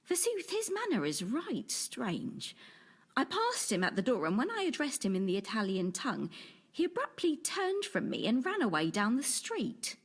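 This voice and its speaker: A woman's voice: a little high, wildly swooping pitch, moderate pace, slightly rough, heavily acted. An actress playing a witty, guarded Elizabethan woman in a video game, speaking in formal, archaic phrases with a dry, cutting edge. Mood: measured.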